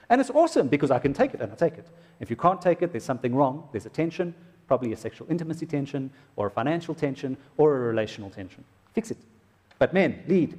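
A man's voice: medium pitch, very animated, fast talker, darkish tone. A man preaching a sermon to husbands in a church, joking and exclaiming as he goes. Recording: echoey hall reverb.

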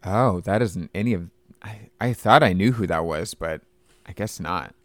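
Man, very low voice, dry close sound, casual podcast co-host, chatty. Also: moderate pace, dry recording. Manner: chatty, lots of fillers like "like". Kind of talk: casual movie podcast chat.

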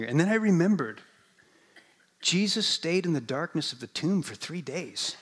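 A male pastor with a fairly high voice delivers a relaxed, good-humoured sermon. He talks to the congregation as if in conversation, joking and checking in with them. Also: moderate pace, slightly rough. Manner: conversational and humorous, with asides to the congregation.

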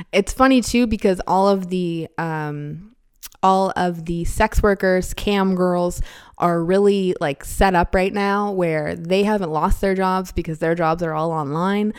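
A woman's voice: fairly low pitch, smooth. Profane, rambling woman podcast host. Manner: candid, profane and rambling, quick to get riled up. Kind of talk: casual solo chat.

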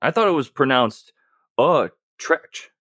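A man's voice: medium pitch, huge pitch swings, a little slow, a bit bright, dry recording, studio quality, heavily acted. A man playing a flustered, bashful young male spy in an improvised tabletop role-play.

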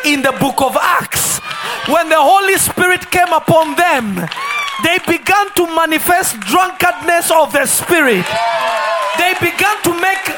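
High-voiced man preaching a fervent sermon. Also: animated, measured pace, crowd noise, background noise. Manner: shouted, sing-song preaching cadence. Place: church sanctuary.

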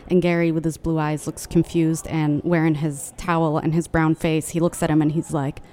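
A woman hosting a podcast, explaining in a lively casual chat with frequent restarts. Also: low-pitched, normal speed. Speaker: podcast host.

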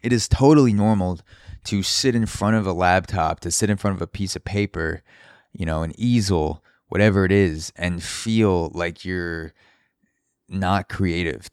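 Solo podcast host, male, very low voice, smooth and clear, earnest and encouraging. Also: steady tone, a little slow, no echo, studio quality. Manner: earnest, encouraging, repeats himself for emphasis.

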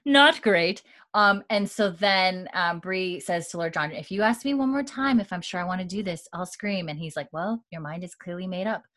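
Low-pitched woman recapping casually. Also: moderate pace, hardly any pauses, no echo. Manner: retells scenes with many likes and ums, quoting lines in a low, quiet voice. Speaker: podcast co-host recapping a TV episode.

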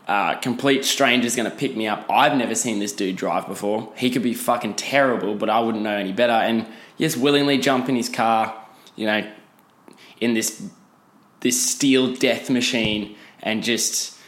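A man's voice: medium pitch, a bit bright. Rambling, sweary Australian man. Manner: rambling, sweary, self-interrupting. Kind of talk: casual storytelling. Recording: roomy echo.

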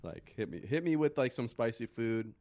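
A man's voice: medium pitch, animated, normal speed, a little mellow, no echo, studio quality. A young man hosting a casual chat, jokey and easygoing, often restarting his sentences.

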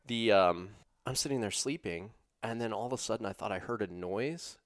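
A man telling a long story in casual conversation, animated and profane, with lots of "like". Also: fairly low pitch, fairly quick, no room sound, studio quality. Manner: profane, animated, uses "like" a lot. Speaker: storyteller guest.

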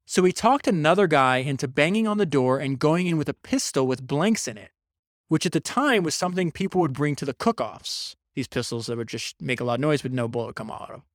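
Energetic man retelling a book, dry sound. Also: on the high side, dry recording. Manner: energetic storyteller, quick asides and restarts. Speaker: podcast host reviewing a biography. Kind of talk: casual book summary.

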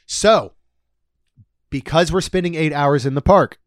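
A man's voice: a little high, a little slow, no room sound, clean studio sound. Chatty man reading out prices. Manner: chatty, jokey asides, reads out prices. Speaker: podcast co-host. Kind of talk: casual podcast chat about theme park costs.

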